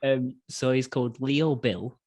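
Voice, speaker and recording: This is a young man chatting loosely on a film review podcast. He rambles, swears freely and keeps restarting his sentences, in an even, mid-pitched voice. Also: a little slow. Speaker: podcast co-host. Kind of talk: casual film review banter.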